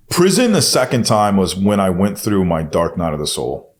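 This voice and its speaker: A man appears as a podcast guest, telling his own story in a candid, intense retelling that is blunt and laced with constant swearing. His deep voice has a sing-song quality and a moderate pace.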